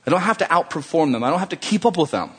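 A male pastor delivering a sermon with an animated, conversational manner. His voice sits a little high for a man and swings widely in pitch as he joshes with the congregation. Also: racing, slightly rough.

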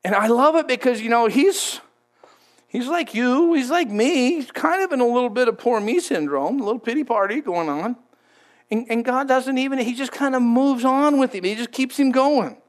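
A man's voice: very high voice, expressive, normal speed. A man preaching a sermon in a conversational, emphatic way, often repeating words as he goes. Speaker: pastor.

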